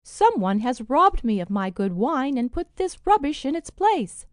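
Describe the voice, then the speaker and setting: A woman voicing a vain, scheming old duchess in a fairy tale, shrill and indignant. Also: big pitch swings, slow, a little mellow, clear, resonant tone, no echo, studio quality. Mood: haughty.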